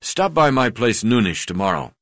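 A man putting on a croaking, blustering old magistrate. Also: medium pitch, very animated, normal speed, fairly bright tone, dry recording, studio quality, pitched above the performer's own voice. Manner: blustering, swearing, boisterous. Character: brash hard-drinking portly older male magistrate.

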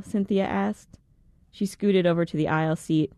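A woman narrating a first-person story in a measured, reflective manner. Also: deep voice, fairly even intonation, vocal fry, dark tone, no echo, studio quality. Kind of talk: audiobook narration.

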